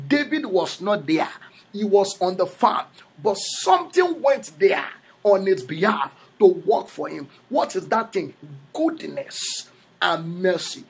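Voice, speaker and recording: Male preacher, Yoruba accent, high gravelly voice, husky tone, emphatic repetition. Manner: switches between English and Yoruba, repeats phrases for emphasis. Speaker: prophet preaching. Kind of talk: sermon.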